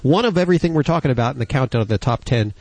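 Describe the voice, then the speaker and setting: Gravelly radio host guy, jokey and animated, bit of music behind. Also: mid-range voice, racing, no echo. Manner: jokey, animated, playful with callers. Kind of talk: casual radio talk show.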